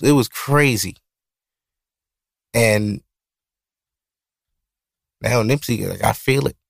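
Rambling and profane, a thirty-something podcast host with a Brooklyn accent tells loose stories in a creaky, medium-pitched voice. He's from Brooklyn, New York, and the studio-mic recording is dry and studio quality.

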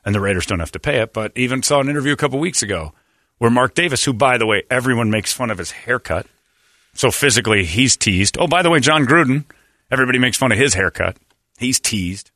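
A middle-aged radio host, a man with a lowish voice, rambles through blunt, sarcastic banter. The sound is dry and close, with no room around him. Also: bright, forceful tone, no room sound. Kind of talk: casual talk radio banter.

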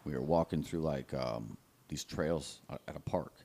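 A man's voice: extremely low pitch, normal speed, gravelly, a little mellow. A man from Indiana co-hosting a podcast, telling a story in a rambling, profane way. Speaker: podcast co-host. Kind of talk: casual storytelling chat.

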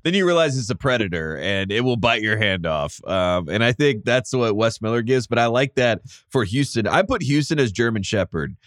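A man's voice: lowish voice, animated, moderate pace, few pauses, dry recording, studio quality. A man co-hosting a casual sports podcast, joking around with frequent laughs and fillers. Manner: laughs often, many fillers, jokey. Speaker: podcast co-host.

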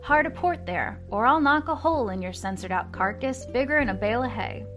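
A woman reading aloud and voicing a gruff, loud male first mate who barks coarse orders. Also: a little high, lively intonation, fairly quick, soft background music, voice pushed up.

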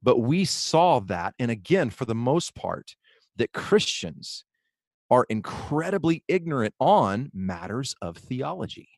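A man's voice: mid-range voice, sing-song, a little slow, no echo. Man, podcast co-host, earnest sermon-like talk, frequent ums, dry close sound. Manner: earnest, reads quotes aloud with many fillers and restarts. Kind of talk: casual podcast talk, preaching on theology.

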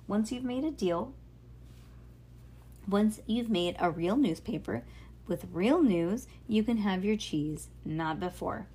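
A woman's voice: mid-range voice, warm tone, slightly rough. A woman reading aloud and voicing a stern, insistent father who raises his voice. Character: stern yet eager father, grown man. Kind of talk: storybook read-aloud.

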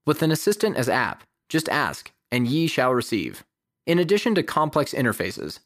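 A man reading a prepared essay as the host of a podcast, in a measured, even delivery. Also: mid-range voice, no echo, clean studio sound. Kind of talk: scripted essay narration.

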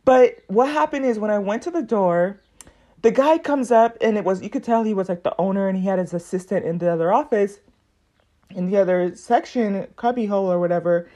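A woman hosting her own podcast, telling a long story in a casual, animated way and acting out what other people said. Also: medium pitch, fairly quick. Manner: animated, acts out other people's lines in quoted voices. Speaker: podcast host.

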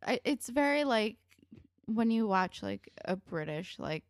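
A woman's voice: medium pitch, measured pace, dry recording, clean studio sound. A woman in her twenties co-hosting a podcast, talking casually and bluntly with plenty of swearing and "like". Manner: animated, blunt, swearing, lots of "like". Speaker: podcast co-host recapping a TV episode. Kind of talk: casual chat.

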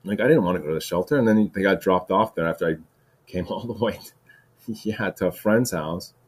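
A podcast host with a low, breathy-edged voice talks a little fast in a casual solo monologue. He rambles, restarts, repeats words, and leans heavily on "like" and "dude."

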